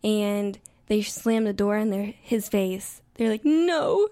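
A woman's voice: medium pitch, level tone, takes it slowly, warm tone. A woman from the United States, a podcast guest, telling a rambling story in casual chat with many fillers. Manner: chatty storytelling with frequent fillers and laughs.

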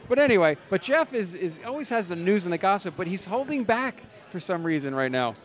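Guy doing a podcast at an expo, kinda high voice, jokey, trails off a lot, outside in a city. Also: very animated, fairly quick. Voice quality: loose, joking, trails off and restarts. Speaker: podcast host interviewing at an expo. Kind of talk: casual interview chat.

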